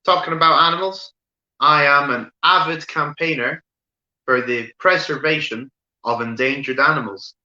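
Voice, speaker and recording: A man delivers deadpan one-liners in a stand-up set, his voice very bright and forward. He keeps checking in with the audience and fills gaps with ums. The sound is dull and lo-fi, with a roomy echo from a home room. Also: a little high, normal speed. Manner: deadpan delivery with frequent "right?" asides and fillers. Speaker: stand-up comedian. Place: home room, streamed online show.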